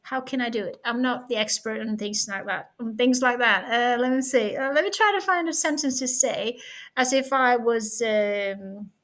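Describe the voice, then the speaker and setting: Giggly high-voiced Norwegian woman. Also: normal speed, fairly bright tone. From Norway. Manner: playful, giggly, rambling. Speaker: vlogger. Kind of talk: casual vlog chat. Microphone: webcam.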